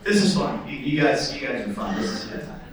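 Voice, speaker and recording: A young man doing stand-up comedy in a theatre, telling stories in an animated way and acting out voices. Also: fast talker, very echoey, distant mic, low-quality recording. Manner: animated, acts out voices with sudden high squeals. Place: theatre stage before a live audience.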